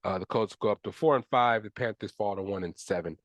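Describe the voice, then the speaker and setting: A man's voice: fairly low pitch, fairly quick, no echo. A young man hosting a solo sports podcast, ranting in frustration with casual slang and profanity. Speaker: podcast host.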